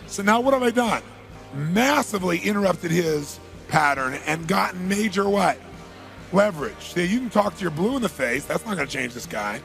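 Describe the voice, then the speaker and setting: Gravelly man telling a story on stage. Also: high voice, moderate pace, faint music behind. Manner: animated, builds to loud bursts. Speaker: motivational speaker. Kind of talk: storytelling talk to an audience.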